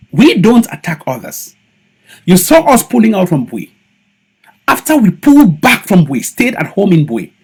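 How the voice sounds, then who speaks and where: A man with a Cameroonian English accent shot through with Pidgin delivers a fiery monologue in a high, husky voice. His pitch leaps and plunges as he hammers home accusations and repeats phrases for weight. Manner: heated, emphatic, accusatory, repeats for stress. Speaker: political activist. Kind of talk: impassioned video monologue.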